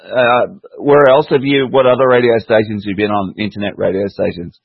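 Husky, rambling talk-radio host. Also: male voice, on the low side, a little fast, dry recording. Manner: relaxed, rambling, restarts often. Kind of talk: casual talk radio chat. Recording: dry, dull lo-fi online audio.

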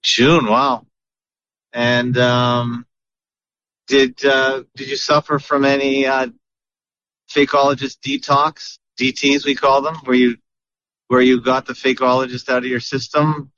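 A man's voice: mid-range voice, flat delivery, slow, a bit bright. Chatty male podcast host, muffled audio. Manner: chatty, with many fillers and restarts. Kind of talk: casual chat.

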